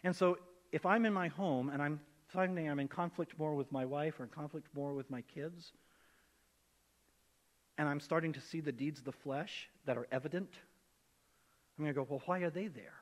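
A man preaching a sermon as pastor, conversational and animated, acting out the voices he quotes. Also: on the high side, moderate pace, pauses often, big-room sound. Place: church.

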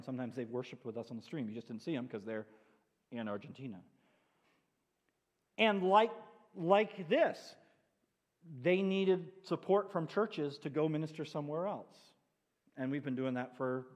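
A man preaching as a pastor, telling stories with animated asides in a church sanctuary. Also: medium pitch. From New England. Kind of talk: sermon. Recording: long church hall reverb.

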